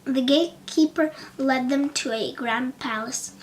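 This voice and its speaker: A woman narrating a children's storybook audiobook with expressive delivery and occasional slips. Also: high-pitched, measured pace, a little hiss or hum.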